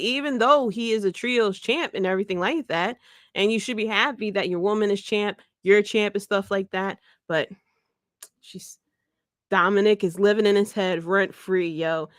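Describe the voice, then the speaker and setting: A woman hosting a podcast, recapping wrestling in a joking, animated way, laughing often and swearing freely. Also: mid-range voice, moderate pace, no echo, clean studio sound. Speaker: podcast host. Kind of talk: casual wrestling recap chat.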